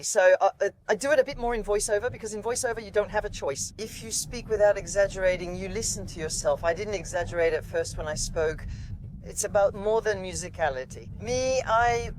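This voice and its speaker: A woman's voice: mid-range voice, low-quality recording. A woman, an automotive TV journalist, chatting casually from inside a car and explaining things with many asides. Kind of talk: casual conversation.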